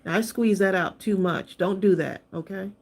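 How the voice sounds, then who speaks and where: A woman's voice: medium pitch, normal speed, vocal fry, a little mellow. A woman hosting a live crafting stream, chatting with viewers and laughing often as she demonstrates supplies. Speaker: craft channel host.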